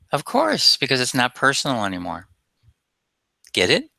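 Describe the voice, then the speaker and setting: A man's voice: medium pitch, huge pitch swings, moderate pace, creaky, pauses often, bright, forceful tone, no room sound. A man presenting a self-help webinar as a coach, talking emphatically and asking rhetorical questions.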